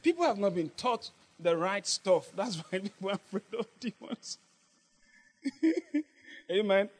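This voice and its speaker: High-voiced preacher man, animated sermon. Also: measured pace. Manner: lively, laughing often, call-and-response with the congregation.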